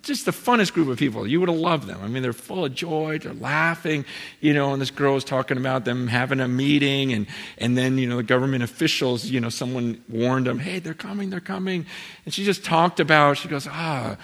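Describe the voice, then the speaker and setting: A man preaching a sermon, telling a story in a lively way and acting out the people he quotes, with lots of fillers. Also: medium pitch, a little fast, gravelly. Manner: animated storytelling, acts out quotes, many fillers. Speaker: pastor. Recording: long hall reverb.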